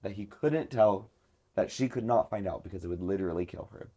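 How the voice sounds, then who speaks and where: A podcast host spins a long story in a relaxed, chatty way. His voice sits a little on the low side, and he peppers his speech with filler words. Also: a little fast. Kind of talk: casual storytelling chat.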